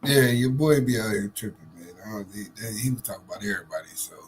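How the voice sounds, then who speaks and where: A man co-hosting a casual talk show, animated and joking, laughing often. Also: fairly low pitch, quick pace. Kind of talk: casual chat.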